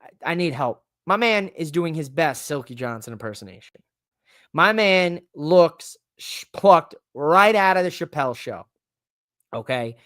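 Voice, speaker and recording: Excitable man hosting a podcast, dry sound. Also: fairly high pitch, a little slow, dry recording. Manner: excitable, rambling, emphatic. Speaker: podcast host. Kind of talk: casual live-stream talk.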